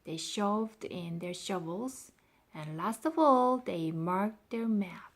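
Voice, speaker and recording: Storybook narrator, woman, slow, unhurried, expressive read with soft whispers. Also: mid-range voice. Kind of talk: scripted narration.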